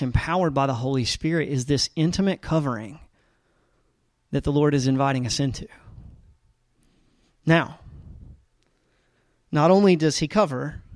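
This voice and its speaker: Conversational pastor, slightly high voice. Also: male voice, dry recording, clean studio sound. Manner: conversational, rambling with fillers and restarts; animated storytelling with rising energy. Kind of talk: sermon.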